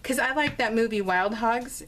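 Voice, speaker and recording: A young woman with a fairly high voice tells a story casually, giggling often. She acts out the lines people said and keeps the telling lively. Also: moderate pace, a little hiss or hum. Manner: giggly, animated, acts out quotes. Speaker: crafting vlogger.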